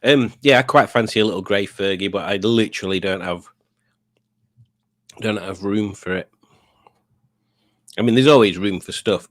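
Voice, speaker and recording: A middle-aged man chatting on a home live stream, rambling and poking fun at himself. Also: on the low side. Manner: rambling, chatty and self-mocking. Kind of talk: casual live stream chat.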